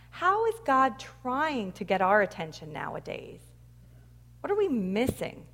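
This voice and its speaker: A woman preacher giving a sermon, telling stories and acting out quoted lines with energy. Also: fairly high pitch. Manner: animated storytelling, acts out quoted lines loudly. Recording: long reverb of a large hall.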